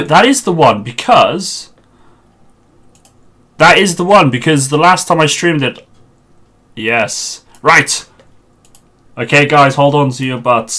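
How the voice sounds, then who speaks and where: Chatty streamer on a headset. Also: male voice, medium pitch, a bit bright. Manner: chatty, muttering to himself while sorting out a server. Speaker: game streamer. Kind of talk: live game-stream chat.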